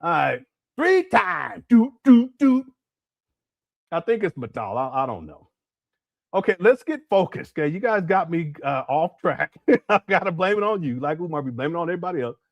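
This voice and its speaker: Man, livestream host, casual chat, giggly and rambling, high animated voice, dry close sound. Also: fairly quick, dry recording. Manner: giggly, rambling, breaks into song. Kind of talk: casual live-chat commentary.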